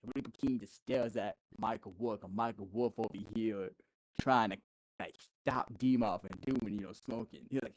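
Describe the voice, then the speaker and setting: A man's voice: on the low side, steady tone, moderate pace, a little hiss or hum, poor audio. A man as a podcast guest telling a rambling, casual story, with restarts and chuckles.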